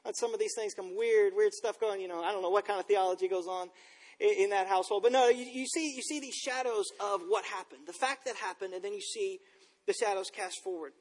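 A man in his thirties, a pastor, giving a conversational sermon with relaxed, self-deprecating stories. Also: high voice, a little fast. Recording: long reverb in a large room.

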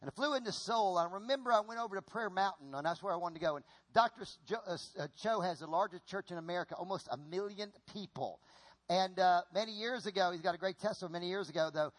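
Male preacher, middle-aged, high voice, animated folksy delivery, repeats phrases. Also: fast talker. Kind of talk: sermon with stage demonstration.

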